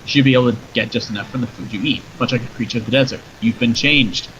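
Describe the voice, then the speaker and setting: A man's voice: medium pitch, fast, a bit bright, close to an everyday voice. A man voicing a wry, chatty male rattlesnake who grants wishes, in a dull lo-fi recording with faint noise. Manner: chatty, joking, matter-of-fact.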